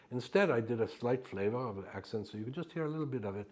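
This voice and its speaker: A man being interviewed, telling a story in an emphatic, animated way and acting out the exchanges he describes. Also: medium pitch, racing. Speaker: actor interviewed for an oral history.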